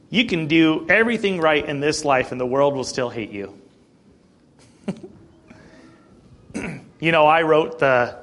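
With a medium pitch and a slightly bright tone, a man preaches a conversational sermon in plain language. Rhetorical questions to the congregation are frequent, as is his throat-clearing.

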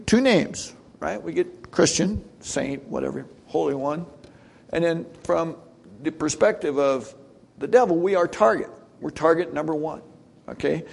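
A middle-aged man preaching in a loose, conversational way, tossing rhetorical questions at his listeners. His voice sits a little high and carries a gravelly edge. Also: darkish tone. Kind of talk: sermon.

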